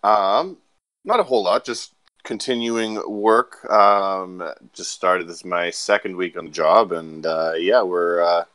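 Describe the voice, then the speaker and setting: A man's voice: deep voice, takes it slowly, fairly bright tone, no room sound. A young man on a casual podcast, laid-back and a bit sarcastic about his work day. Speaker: podcast co-host.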